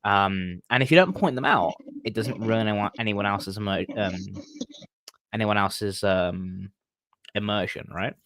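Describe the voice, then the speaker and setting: A man's voice: fairly low pitch, a little slow, a bit bright, no room sound. A man talking casually about running tabletop games, hesitant and full of ums and restarts. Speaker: game master and stream co-host. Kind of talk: casual podcast chat.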